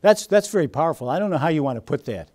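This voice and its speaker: A man leads a training seminar in a lively, engaging way. He fires questions at the group and steps into little role-plays to make his points. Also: a little high, rapid-fire. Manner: animated, quizzes the audience and acts out scenes. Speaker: seminar presenter. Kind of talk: interactive seminar teaching.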